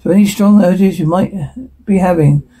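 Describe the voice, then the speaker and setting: A man's voice: high-pitched, moderate pace, dark tone, husky, rough recording. A man dubbing a whole scene alone, switching between characters and reading the sound cues aloud. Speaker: voice performer. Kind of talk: solo dub of a TV scene.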